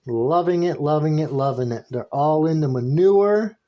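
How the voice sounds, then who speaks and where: A man narrating a casual vlog while checking his worm bin. He talks in a halting, rambling way, restarting his sentences and laughing softly as he goes. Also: on the high side, dull audio. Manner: easily delighted, with soft laughs. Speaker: worm-composting vlogger.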